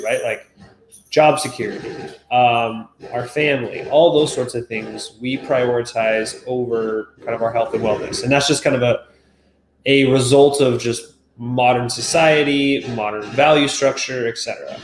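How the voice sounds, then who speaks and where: A man in his thirties talks things through from his home office, tagging his points with "right?" and "like". His voice sits in a mid register, and the room around him rings with a noticeable echo. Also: medium pitch. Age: 30s. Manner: thoughtful, leans on "right?" and "like". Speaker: nutrition expert co-host. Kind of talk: casual video-call chat.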